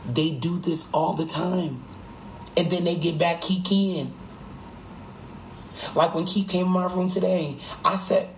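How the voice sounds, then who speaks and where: A live streamer talking at home into a phone, in rapid, emphatic and profane gossipy livestream chat, sometimes hushed. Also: mid-range voice, a little hiss or hum, low-quality recording. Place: room at home.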